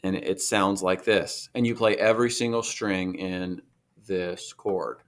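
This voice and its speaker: Patient low-voiced guitar teacher. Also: male voice, steady tone, a little slow. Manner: patient, step-by-step explaining. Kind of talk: recorded music lesson.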